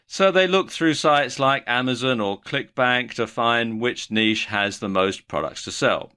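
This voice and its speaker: A man's voice: mid-range voice, a little slow, bright, forceful tone, clear, resonant tone. A man giving a video lesson on online marketing, explaining in a mildly sardonic way.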